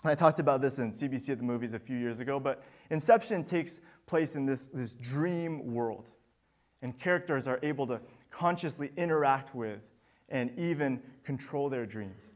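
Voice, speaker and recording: A man's voice: mid-range voice, moderate pace. A man preaching a sermon as pastor, earnest and building to emphatic peaks.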